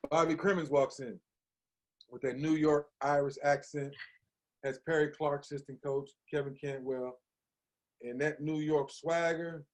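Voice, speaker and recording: Animated storytelling man in his fifties. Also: on the high side, a little slow. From Hagerstown, Maryland, USA. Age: 50s. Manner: animated, slangy, acts out quoted voices. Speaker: podcast guest. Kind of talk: conversational storytelling.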